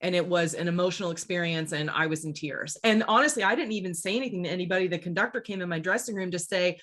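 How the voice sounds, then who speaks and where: A woman's voice: fairly low pitch, fast, a bit bright. A woman opera singer co-hosting a podcast, telling a story in casual chat, candid and emotional, swearing freely.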